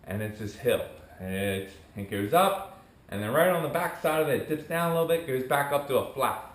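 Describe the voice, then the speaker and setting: Medium in pitch and moderate in pace, a young man vlogs for his brand-new channel from an echoey room. He spins an animated, rambling, casual story, voicing what his friends told him.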